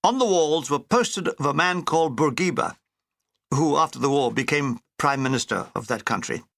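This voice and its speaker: A man's voice: fairly high pitch, expressive, moderate pace, creaky, a bit bright, no echo. A man reading a wartime memoir aloud in a dry, wry comic manner. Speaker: narrator.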